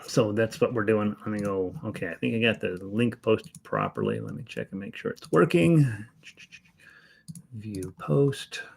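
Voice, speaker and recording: A man with a slightly low, nasal voice that he himself likens to a frog. He talks in a loose, rambling way, greeting viewers by name as he gets an online harmonica class going from home. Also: vocal fry. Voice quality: nasal, self-described as frog-like. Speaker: online music teacher. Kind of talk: casual livestream class chat. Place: home, in Denver.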